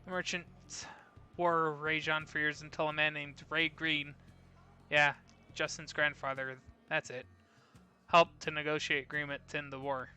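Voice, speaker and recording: With soft music in the background, a man reads game dialogue aloud in a fairly high, flat, slightly slow voice that is sharp and clean. The lines belong to a chatty, rambling woman who runs a gun shop and apologizes as she overshares.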